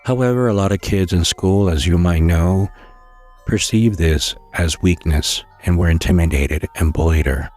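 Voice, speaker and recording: Deep husky guy reading a spooky story real slow, faint music underneath. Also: a little mellow. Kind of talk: scary story narration.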